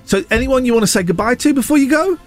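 Man, morning radio host, playful, animated pitch, soft music bed. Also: fast talker. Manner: playful, upbeat, sing-song asides. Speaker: radio presenter. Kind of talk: lively morning radio chat. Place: radio studio. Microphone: studio microphone.

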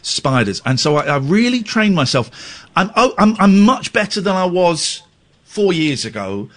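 Brief: male phone-in host, slightly high voice, lively swooping delivery, teasing callers. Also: moderate pace. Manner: playful, teasing, bursts of exaggerated delight. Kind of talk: late-night radio phone-in chat.

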